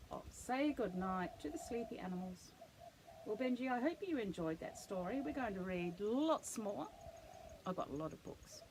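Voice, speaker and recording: An older woman, a grandmother, reading a children's bedtime picture book aloud to her grandchild, gently and expressively, with playful animal noises. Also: on the high side, noisy background.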